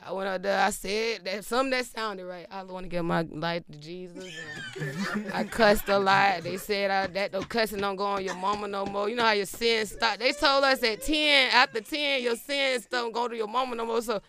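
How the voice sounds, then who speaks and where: A woman's voice: mid-range voice, normal speed, bright, forceful tone. A woman telling a comic story, laughing often and acting out the quotes in shifting voices. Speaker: storyteller guest.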